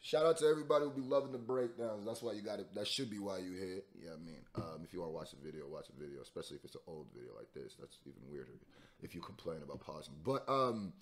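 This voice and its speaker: A man hosting a reaction video, commenting casually and jumping into loud, laughing bursts. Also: sits low, quick pace. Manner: animated, jumps to loud bursts, laughs and mimics.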